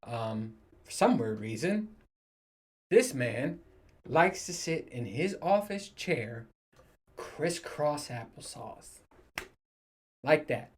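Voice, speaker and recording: A man's voice: mid-range voice, big pitch swings, slow pace. A man in his thirties, a podcast host, rants casually to the camera, swearing and laughing as he goes. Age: 30s. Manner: profane, joking, laughs often. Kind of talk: casual solo rant to camera.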